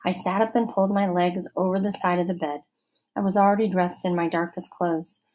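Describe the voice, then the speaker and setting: A woman reading a children's novel aloud as a first-person narrator, steady and expressive. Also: lowish voice, a little fast, low-quality recording. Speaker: audiobook narrator.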